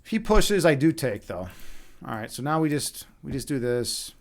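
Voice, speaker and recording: A man's voice: mid-range voice, moderate pace. A young man from Chicago with a Chicago accent, commentating live on his own chess games and swearing freely as he reads chat. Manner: animated, swearing, talks to chat while playing. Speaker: streamer.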